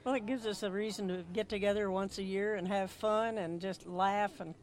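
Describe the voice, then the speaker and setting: A woman's voice: medium pitch, fairly even intonation, moderate pace. Cheerful woman interviewed outdoors. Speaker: interviewed car owner. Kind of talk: casual on-camera interview. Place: outdoors at a car show.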